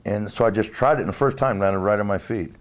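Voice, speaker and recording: Man, low voice, halting storyteller guest recalling ring days; chatty, restart-heavy delivery. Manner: rambling, halting, many restarts. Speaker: interview guest, former wrestler. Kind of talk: casual storytelling interview.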